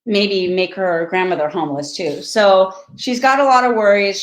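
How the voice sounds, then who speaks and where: Woman, guest author, casual chat and book reading, lots of ums, video call, echoey room, mid pitch. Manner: chatty, with frequent ums and restarts. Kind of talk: casual chat and reading her novel aloud.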